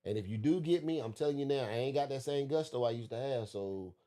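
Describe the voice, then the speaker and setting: A man, co-hosting a casual podcast chat, swearing freely and telling animated stories. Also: medium pitch, fast. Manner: storytelling, profane, animated. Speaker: podcast co-host.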